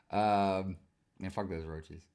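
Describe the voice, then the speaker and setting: A man ranting in a casual stream monologue, swearing a lot and telling work stories with animated, heated delivery. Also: low-pitched, smooth. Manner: profane, animated storytelling with frequent swearing and fillers.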